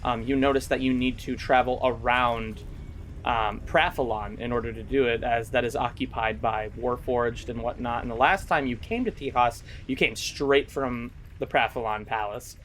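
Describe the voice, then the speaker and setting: A man's voice: medium pitch, normal speed, a bit bright, a little hiss or hum. A man narrating a tabletop game as game master, casual with many fillers.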